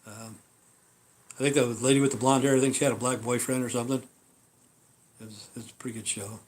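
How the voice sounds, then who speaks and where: A man's voice: mid-range voice, steady tone, fast talker. A man hosting a live stream, telling stories in a meandering, profane way. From Idaho. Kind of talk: rambling casual live-stream chat.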